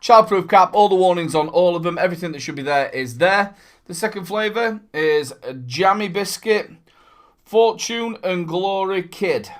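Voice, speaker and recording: Talking directly to his audience, a cheerful vape reviewer hosts his own casual product review vlog. His voice runs a touch higher than most men's, and he rambles along upbeat at a normal speed, with lively intonation, a fairly bright tone, and playful asides.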